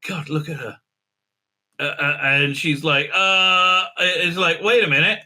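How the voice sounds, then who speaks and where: A man's voice: on the high side, takes it slowly, sharp tone. A man hosting a casual spoken review, talking sarcastically, with many filler sounds and mocking impressions. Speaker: show host reviewing episodes.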